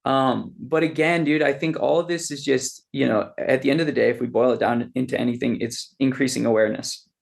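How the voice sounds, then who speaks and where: Gravelly laid-back storytelling man. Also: mid-range voice, brisk, few pauses. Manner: animated storyteller, says "dude" and "man" a lot. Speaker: podcast guest. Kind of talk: casual podcast chat.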